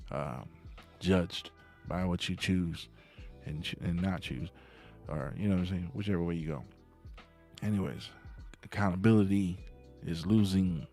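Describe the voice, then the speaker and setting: A man's voice: low voice, creaky, a little mellow. A man hosting a late-night livestream, telling a story to his viewers in a meandering way and getting worked up about right and wrong. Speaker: livestream host. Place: home at night.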